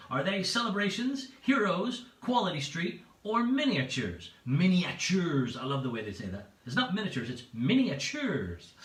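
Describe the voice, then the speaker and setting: A bright-voiced man hosts a home pub quiz, chatty and playful as he repeats each option. His pitch swings widely. He sits back from the mic in an echoey room. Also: far from the mic. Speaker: quiz host. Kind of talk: livestream pub quiz hosting.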